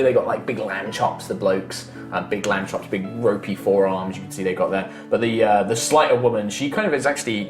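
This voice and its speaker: A man, running a tabletop game as dungeon master in loose, chatty narration full of fillers. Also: lowish voice. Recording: echoey room with faint music.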